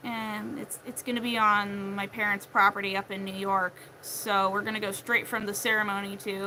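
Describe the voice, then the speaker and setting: Chatty young woman with a bright voice. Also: medium pitch, flat delivery, moderate pace, few pauses, slight background noise, rough recording. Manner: chatty, acts out quotes of family in shifting voices. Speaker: crochet vlogger. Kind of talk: casual chat while crocheting.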